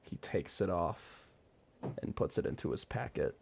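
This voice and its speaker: A man narrating a tabletop game as game master, in slow, halting sentences. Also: deep voice, expressive, gravelly, husky.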